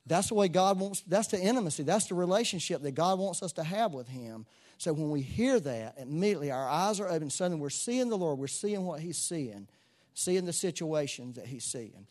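A man preaching a sermon to a church congregation, moving between soft asides and loud exclamations. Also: fairly high pitch, expressive, brisk. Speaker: pastor.

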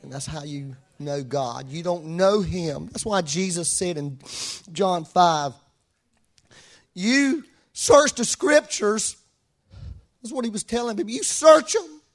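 A man preaching a sermon to a congregation in a room, emotional and passionate, swinging from soft talk to shouting. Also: high-pitched. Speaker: pastor.

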